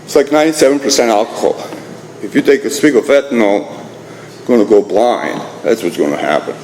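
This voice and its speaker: A man's voice: medium pitch, fairly quick, a little mellow. A middle-aged man from Croatia with a Croatian accent, telling his recovery story at a meeting in a blunt, profane, self-mocking way, restarting his sentences. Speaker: AA meeting speaker. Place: meeting hall. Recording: echoey hall with faint room noise.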